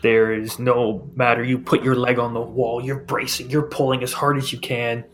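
A man narrating a tabletop game as game master, describing scenes in a measured way. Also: medium pitch, little pitch movement, a little hiss or hum.

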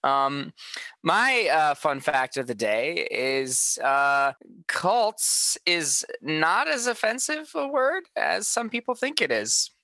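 A man playing in a tabletop game, chatting in a rambling, deadpan joking way. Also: a little high, slow, no room sound. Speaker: player. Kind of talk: casual chat at a tabletop game.

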